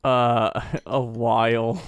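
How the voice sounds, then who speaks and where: Slow-spoken man, laughs a lot. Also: mid-range voice, flat delivery, clean tone, no echo. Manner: laughs often, agreeable, trailing sentences. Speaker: podcast co-host. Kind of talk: casual podcast chat.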